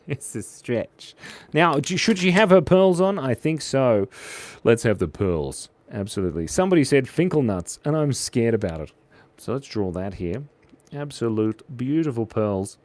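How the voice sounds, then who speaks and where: A man's voice: medium pitch, darkish tone, no echo. An Australian man hosting a drawing stream, chatting and cracking silly puns as he draws. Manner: jokey, punning. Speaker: drawing channel host. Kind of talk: live-stream chat while drawing.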